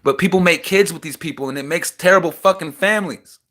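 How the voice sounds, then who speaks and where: A young man pours out an emotional rant from inside a small house. His voice is bright and sharp and sits a touch high. He swings between heated, agitated bursts and quieter stretches. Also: quick pace. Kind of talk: emotional personal rant to camera.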